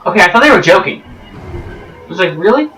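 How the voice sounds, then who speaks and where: A man's voice: high voice, lively intonation, moderate pace, bright, forceful tone, roomy sound, recorded from a distance, faint music behind, rough recording. A man casually commenting on a video game as a let's play host, rambling and joking with goofy asides.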